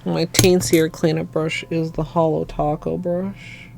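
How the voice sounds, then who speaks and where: A woman from Minnesota with a Minnesotan accent, chatting softly and rambling to her livestream chat. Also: low voice, little pitch movement, measured pace, gravelly, music in the background. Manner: soft-spoken and rambling, talking to chat. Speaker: nail art streamer.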